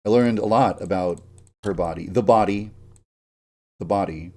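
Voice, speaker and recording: A man with a low, mellow voice streams his game development work at a moderate pace, ranting and grumbling to himself. He swears a lot, mocks himself, and laughs at his own jokes.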